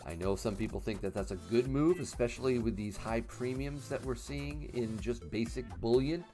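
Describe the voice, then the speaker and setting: A man's voice: mid-range voice, moderate pace, hardly any pauses, warm tone, soft background music. A man in his fifties hosting a casual livestream, reading chat questions aloud and answering in a chatty way with fillers and laughs. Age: 50s. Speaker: livestream host.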